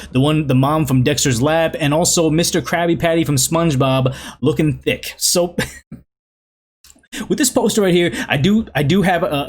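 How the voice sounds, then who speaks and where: A man in his thirties hosting a casual podcast, rambling through posts with frequent laughs and self-mockery. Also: a little high. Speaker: podcast host.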